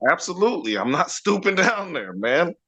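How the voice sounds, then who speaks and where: A man's voice: high-pitched, sing-song, normal speed, a bit bright. A middle-aged man in a casual podcast chat, joking emphatically and chuckling as he talks.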